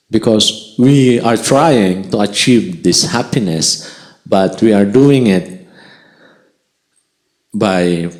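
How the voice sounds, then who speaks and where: A man delivers a devotional lecture at a slow, unhurried pace. His voice sits a little low, and he repeats key lines for emphasis. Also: rough recording. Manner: slow, repeats for emphasis, mixes in Tagalog phrases. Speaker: spiritual lecturer.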